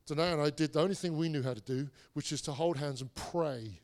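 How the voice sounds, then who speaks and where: A man in his forties delivers a sermon with a noticeably high voice. He talks in a loose, storytelling way, restarting phrases and slipping in self-deprecating asides. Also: quick pace, darkish tone. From England. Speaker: pastor.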